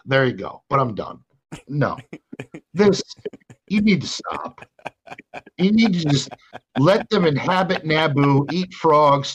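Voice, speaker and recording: A man's voice: fairly high pitch, a bit bright, highs cut off. An older man co-hosting a podcast, ranting in a profane, exasperated way. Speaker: podcast co-host. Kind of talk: casual podcast rant.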